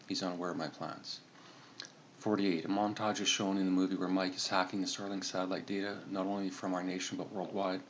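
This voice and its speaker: Deadpan guy with a low voice telling a comedy story, dull lo-fi audio with a bit of hiss. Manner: deadpan, matter-of-fact, with self-corrections. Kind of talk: comedic monologue narration.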